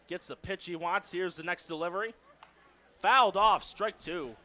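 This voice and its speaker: Man, baseball play-by-play, radio call, high voice, crisp bright tone. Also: moderate pace. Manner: lively calls that rise on strikeouts. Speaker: play-by-play announcer.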